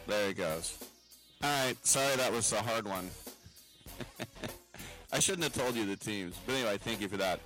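A male sports radio host who talks in a loose, rambling way and is quick with wry jokes. His voice sits a bit low for a man. A faint bed of music runs under him in the studio. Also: expressive, a bit bright, low-quality recording. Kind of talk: casual radio talk. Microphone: studio microphone.

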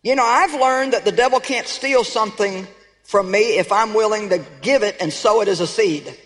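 A woman's voice: mid-range voice, moderate pace. A woman preacher giving an emphatic sermon, calling out to her audience with rhetorical questions. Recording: long reverb of a large hall.

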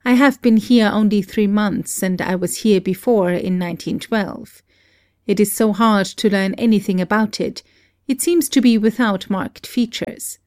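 A woman reading the lines of a serious, reserved male novelist in a measured, dry way, close to her own voice. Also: mid-range voice, darkish tone, no echo, natural voice.

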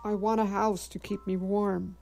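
A woman's voice: medium pitch, level tone, moderate pace, creaky, mellow, close to an everyday voice. A woman reading a wanting boy turned weary man. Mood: demanding. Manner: plain, wanting, later weary. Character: boy growing into a tired old man.

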